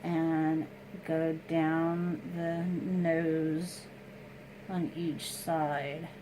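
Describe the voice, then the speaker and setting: A woman's voice: low voice, little pitch movement, drawn-out words, background noise. A woman chatting casually through a makeup tutorial at home, explaining each step and joking about herself. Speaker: beauty vlogger.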